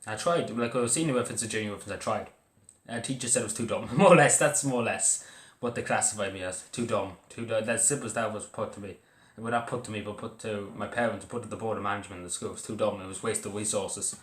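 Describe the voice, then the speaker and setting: A young man with an Irish accent talks to camera in a casual, halting way, stopping and restarting often. His voice sits low, and the recording carries a roomy echo. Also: fairly even intonation. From Ireland. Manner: halting, full of fillers and restarts. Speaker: vlogger. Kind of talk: casual personal talk to camera. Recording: echoey room.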